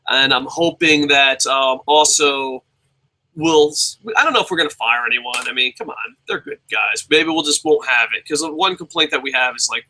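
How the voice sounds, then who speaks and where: A man's voice: mid-range voice, pushed and bright, low-quality recording. A man hosting a live-streamed show, chatting casually in a rambling, profane, self-mocking way. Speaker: show host.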